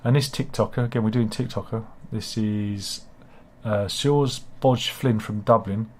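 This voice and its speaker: A man's voice: on the low side, steady tone, measured pace, a little hiss or hum. Rambling British man hosting chat. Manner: rambling, self-deprecating, with frequent restarts and asides. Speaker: host. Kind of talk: casual satirical news chat.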